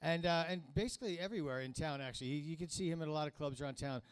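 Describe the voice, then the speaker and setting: A man's voice: a little high, racing, clean tone. A man in his fifties hosting a small comedy show, introducing acts with crude, rambling jokes. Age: 50s. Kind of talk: stand-up emcee banter.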